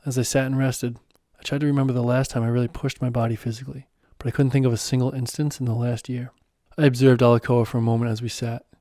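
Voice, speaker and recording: A man's voice: medium pitch, level tone, quick pace, hardly any pauses, dark tone, dry recording, studio quality. A man narrating his own first-person story in an earnest, self-deprecating way. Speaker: author and narrator.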